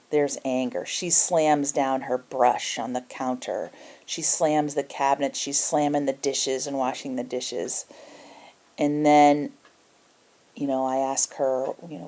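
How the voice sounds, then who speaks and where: A middle-aged woman with a low voice gives a self-help lesson. Her tone is mellow and she explains things step by step, now and then acting out example lines. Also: a little slow. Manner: explanatory, acts out example dialogue. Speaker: emotional health teacher.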